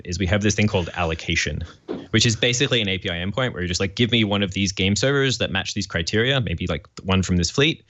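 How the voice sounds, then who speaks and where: Fast-talking deep Australian man. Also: fairly bright tone, dry recording, highs cut off. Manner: enthusiastic, many fillers, quotes imagined requests. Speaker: guest. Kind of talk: technical explanation on a podcast.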